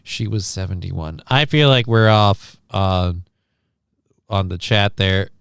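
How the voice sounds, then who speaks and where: A man's voice: deep voice, slow, fairly bright tone, clear, resonant tone, dry recording, studio quality. A man hosting a casual livestream, reading chat and news aloud in an offhand, profane way. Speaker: livestream host.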